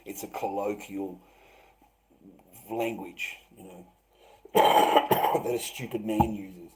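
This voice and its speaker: A man hosting a live stream, rambling and swearing, who swings between loud outbursts and low muttering. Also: fairly even intonation, slow, slight background noise, low-quality recording. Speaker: livestream host.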